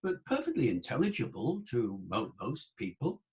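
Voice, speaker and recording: A man giving an online lecture on the English language at a middling pitch, explaining in a relaxed, conversational way. He chats to the listener with little asides and stops to sound out old pronunciations. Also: normal speed. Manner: demonstrates old pronunciations aloud.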